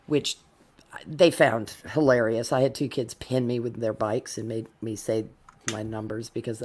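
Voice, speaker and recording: A woman from the US South with a softened North Florida accent, chatting casually in a deliberate, well-enunciated way. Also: very deep voice. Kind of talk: casual chat.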